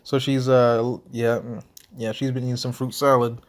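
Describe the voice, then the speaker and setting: Here a young man from around St. Louis, US, narrates a story game, reading the text aloud with laid-back slang and now and then a full mouth. His delivery is flat, mid-range, and moderately paced.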